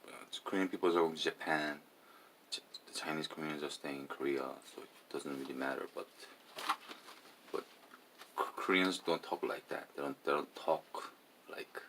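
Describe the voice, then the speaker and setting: A tipsy man with an extremely deep, low voice talks in a halting, rambling way. He repeats words and drifts from loud bursts to half-mumbled asides. A faint hiss of noise sits under him. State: tipsy after drinking. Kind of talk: rambling casual monologue.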